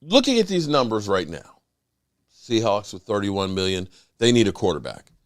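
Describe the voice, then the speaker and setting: A man's voice: on the low side, moderate pace. A man hosting a casual sports podcast, his voice rising and falling widely as he makes his points. He talks emphatically and often restarts mid-sentence. The sound is dry and close, with little room echo. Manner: animated, emphatic, with frequent restarts.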